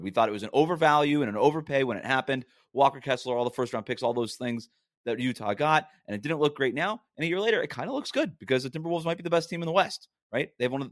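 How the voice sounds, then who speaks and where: A man hosts a sports podcast as a casual, argumentative monologue, in an ordinary middle pitch. He is emphatic and drives each point home with rhetorical questions, often a quick "right?". His voice sounds dry and close to the mic, with no room sound or echo.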